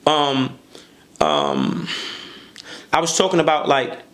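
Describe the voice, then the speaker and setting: A man with a high voice, a guest on a podcast, recounts a heated story slowly. Animated and profane, he stacks repeated words as he gets worked up.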